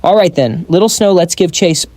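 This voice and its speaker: A man voicing a calm young male hero who speaks in a calm, puzzled way. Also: sits high, moderate pace, no echo.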